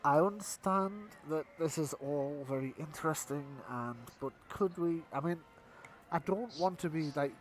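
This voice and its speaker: A man's voice: a little high, moderate pace, natural voice. A man voicing an impatient, self-centred young woman in a tabletop game.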